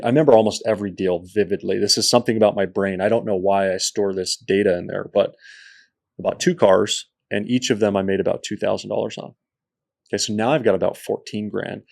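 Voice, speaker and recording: A man, an entrepreneur guest on a podcast, telling his story in a lively way and acting out the people in it. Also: lowish voice, vocal fry. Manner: animated storyteller who acts out quoted people. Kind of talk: storytelling interview.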